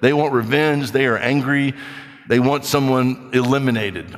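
A man preaching a sermon, reading scripture and acting out skeptics in quick, animated asides. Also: mid-range voice, in a large hall. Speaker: pastor.

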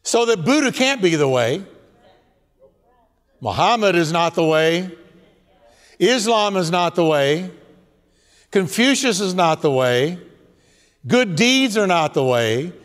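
Emphatic high-voiced male pastor preaching. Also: very animated, takes it slowly, pauses often. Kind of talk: sermon. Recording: long hall reverb.

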